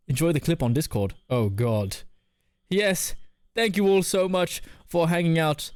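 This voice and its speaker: A man's voice: a little high, big pitch swings, moderate pace, no echo. A man hosting a live stream, giving casual advice and reading chat messages aloud with a joking manner. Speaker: streamer host.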